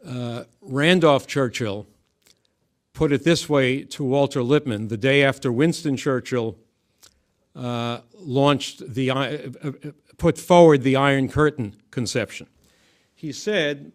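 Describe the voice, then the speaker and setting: A man giving measured, emphatic political commentary, often restarting his phrases. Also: mid-range voice.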